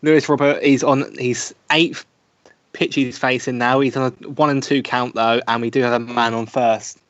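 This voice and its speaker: A man co-hosting a live baseball chat show, describing the at-bat in a measured way. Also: medium pitch, fairly even intonation, fairly bright tone, dry recording, highs cut off. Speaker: co-host.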